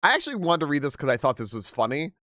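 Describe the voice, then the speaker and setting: A man's voice: a little high, very animated, very fast, sharp tone, no echo, clean studio sound. A young man hosting a livestream, reading a post aloud and reacting in casual chat, laughing often and restarting his sentences. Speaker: livestream host.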